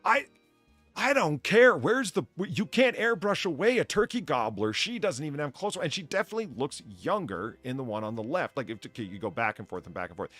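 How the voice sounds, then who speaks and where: A man's voice: fairly high pitch, lively intonation, a little fast, a bit bright, slightly rough, faint music behind. A man hosting a podcast, rambling and cursing through crude comedic banter with lots of stammering restarts. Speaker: podcast host.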